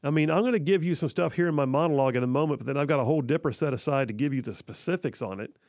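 A man's voice: fairly high pitch, rapid-fire, darkish tone, no room sound. A man hosting conservative talk radio from a studio, upbeat and jokey, rambling with fillers. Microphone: studio mic.

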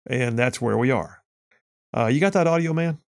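A man's voice: mid-range voice, normal speed. A male talk radio host, giving sarcastic, mocking commentary and laughing often.

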